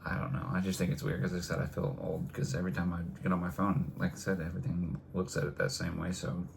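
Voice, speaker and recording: A man with a very low, deep voice trades views on a podcast. He talks bluntly, with firm opinions, over a faint hiss of noise. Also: level tone, fast, vocal fry. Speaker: podcast co-host. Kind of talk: casual chat.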